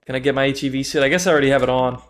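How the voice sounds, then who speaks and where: A man's voice: medium pitch, steady tone, racing. A young man casually talking through a game on a livestream, chatty and self-mocking, swearing freely and laughing often. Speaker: streamer. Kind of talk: casual gaming livestream commentary.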